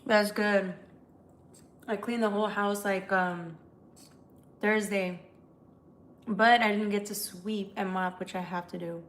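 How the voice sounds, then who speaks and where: A woman's voice: mid-range voice, steady tone, takes it slowly, long pauses. A woman hosting a casual live stream as a tarot reader. She chats loosely with viewers, swears freely, and reads their comments aloud. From United States.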